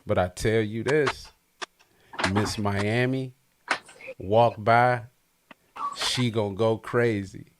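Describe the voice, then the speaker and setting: A man hosting a casual interview podcast who hypes up his guest and gets loud and excitable. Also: on the low side, slow, pauses often, background noise. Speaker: podcast host.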